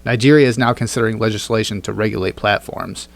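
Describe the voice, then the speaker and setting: A man's voice: on the low side, fast talker, creaky, a little hiss or hum. A man co-hosting a casual satirical podcast, swearing freely and reading tweets aloud with jokey asides. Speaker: podcast co-host.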